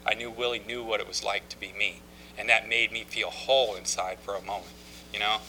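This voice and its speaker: A man telling his own recovery story to a group, halting with many restarts and dry, self-mocking humor. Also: on the low side, steady tone, bright, forceful tone, a little hiss or hum, low-quality recording. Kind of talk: personal testimony talk.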